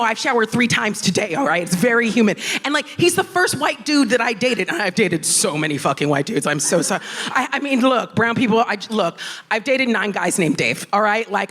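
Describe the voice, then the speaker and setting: A woman doing a stand-up set in a comedy club, telling a story in a brash, profane, animated way. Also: a little high.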